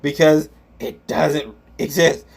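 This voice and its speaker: A man's voice: a little high, flat delivery, takes it slowly, gravelly, a little mellow. A man vlogging about online comments, ranting angrily and profanely and stumbling over his words.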